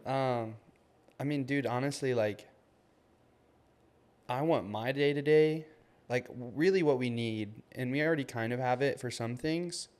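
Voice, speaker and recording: A twenty-something podcast co-host talks a little slowly, with long pauses, in a medium-pitched, slightly mellow voice. It's casual chat, loose and rambling, and he says "like" and "man" a lot.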